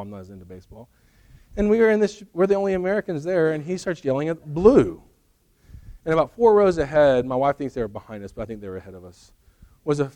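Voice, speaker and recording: A man's voice: medium pitch, warm tone. A middle-aged man preaching a sermon in a conversational way, with joking asides to the congregation. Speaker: pastor.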